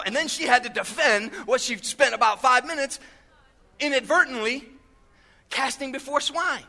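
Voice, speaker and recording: A man's voice: very high-pitched, normal speed, gravelly, sharp tone. A man preaching a sermon to his church in a conversational way, full of asides and rhetorical questions. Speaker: pastor.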